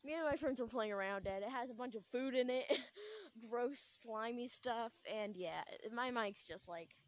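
A woman's voice: on the high side, lively intonation, moderate pace, no room sound. A young woman hosting a podcast, chatting casually in a rambling, giggly way full of filler words, recorded on a small clip-on lapel mic. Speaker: podcast host. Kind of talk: casual chat.

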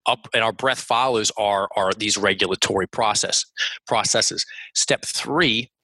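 A man talking as a guest coach in a podcast interview, animated, with many restarts and quick acted-out quotes. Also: lowish voice, dry recording, rough recording.

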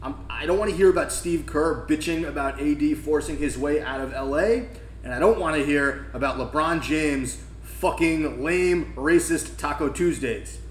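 A man's voice: fairly high pitch, moderate pace. Blunt ranting man in an echoey room. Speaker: podcast co-host. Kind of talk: casual sports chat. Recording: echoey room with faint background noise.

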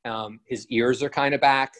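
A man talking casually in a voice of ordinary pitch. He rambles, hesitates and restarts his sentences often. His talk is full of ums and loose asides. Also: steady tone, normal speed, a bit bright. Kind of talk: casual retelling monologue.

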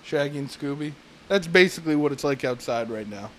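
A man vents on a casual podcast, swearing through nearly every sentence. His voice sits a little high for a man. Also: lively intonation, brisk, slight background noise. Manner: profane ranting, frequent swearing. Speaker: podcast co-host.

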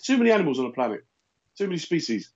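A man chatting casually, riffing on absurd comic rants with a deadpan delivery. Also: on the high side, rapid-fire, slightly rough. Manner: deadpan rambling jokes, repeats lines. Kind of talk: casual comedic chat. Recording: dull lo-fi sound.

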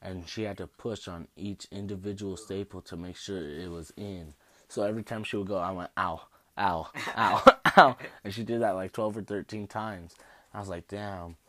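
A man's voice: low voice, steady tone, moderate pace, darkish tone, dry recording. A young man telling stories about his injuries in a rambling, casual way, with laughs and casual swearing. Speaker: host. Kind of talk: casual storytelling.

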